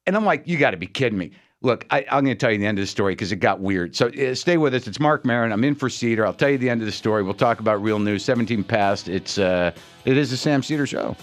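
A man's voice: lowish voice, fast talker, soft background music. A man filling in as a radio host, telling a comic story in an exasperated, incredulous way into a studio microphone.

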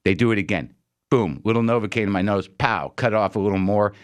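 A man's voice: on the low side, a little fast. A man filling in as a radio host, telling a comic story in an exasperated, incredulous way into a studio microphone.

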